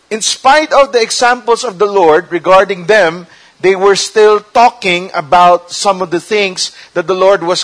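A preacher with a high voice, delivering a conversational sermon. He talks to the congregation plainly and drops in Tagalog asides. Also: a bit bright, poor audio.

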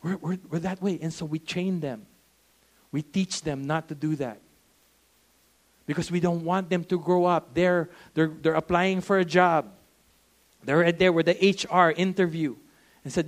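A fairly high-voiced middle-aged man with a Filipino accent delivers a sermon as a pastor. He talks in a loose, conversational way, slipping between English and Tagalog. He acts out short voices to make his points. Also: normal speed.

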